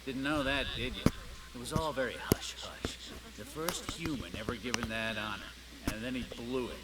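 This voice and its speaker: A man's voice: medium pitch, moderate pace, lightly acted. An actor playing a sly, bitter male former cop in a video game, talking in a mocking, conspiratorial way. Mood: sneering. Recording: loud noise on game audio.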